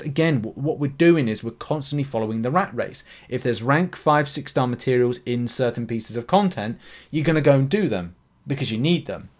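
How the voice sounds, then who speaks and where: Male gaming creator, mid-pitched, loose rambling delivery, brief: video commentary. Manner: rambling, many fillers and restarts. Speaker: gaming YouTuber. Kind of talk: casual commentary on a mobile game.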